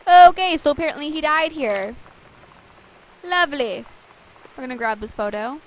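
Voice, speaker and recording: Young woman gamer, high and giggly, chatty commentary over soft rain. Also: lively intonation, normal speed, long pauses, a little hiss or hum, poor audio. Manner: giggly, chatty, reads game text aloud. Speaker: let's play gamer. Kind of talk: casual gameplay commentary.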